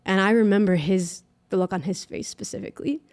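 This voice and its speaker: A young adult woman, a guest musician, telling a personal faith story in an interview, earnest and emotional, halting with many fillers. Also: medium pitch, darkish tone.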